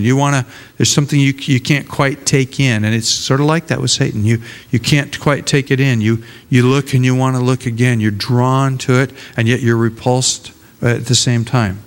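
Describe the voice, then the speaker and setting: Older man, pastor, conversational sermon, repeats words, mid-pitched voice. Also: steady tone, a little fast, in a large hall.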